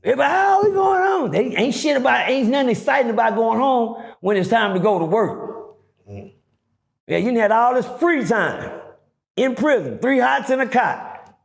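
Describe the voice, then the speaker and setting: A middle-aged man telling a story casually, profane and animated, acting out the dialogue. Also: extremely high pitch, moderate pace, gravelly. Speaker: guest storyteller.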